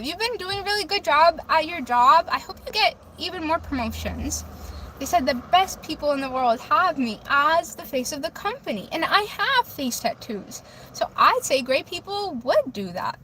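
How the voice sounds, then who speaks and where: A woman's voice: very high-pitched, big pitch swings, normal speed, bright, forceful tone, a little hiss or hum. A woman livestreaming from a phone in her car, casually reading viewer comments aloud and chatting back. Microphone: phone camera.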